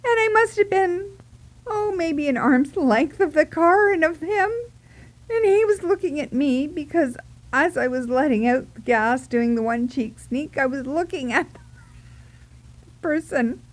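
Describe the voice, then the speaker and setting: Slow-talking giggly woman telling a story. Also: high-pitched. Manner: animated, giggly, acts out her own reactions. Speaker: vlogger. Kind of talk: casual storytelling.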